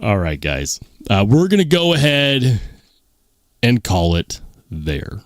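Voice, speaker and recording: A man's voice: medium pitch, very animated, takes it slowly, no room sound, clean studio sound. A man hosting a live stream, chatting casually and rambling to his viewers, calling them guys. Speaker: livestream host.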